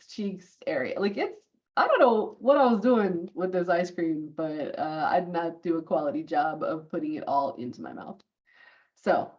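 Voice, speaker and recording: A woman in her forties telling a personal story on her vlog. She is animated and acts out what other people said, using it to coach business owners. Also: on the low side, dull audio. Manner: animated, acts out quoted lines.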